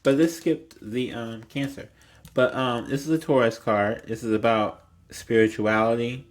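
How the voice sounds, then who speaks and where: A man's voice: medium pitch, steady tone, unhurried. A young man giving a casual tarot reading, rambling and blunt, swearing freely and filling his talk with "like". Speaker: tarot reader.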